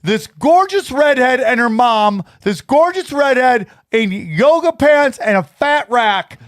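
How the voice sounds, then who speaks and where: Man, very high voice, loud rambling crude storyteller, dry close studio sound. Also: lively intonation, takes it slowly, dry recording. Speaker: podcast host. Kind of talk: casual comedic chat.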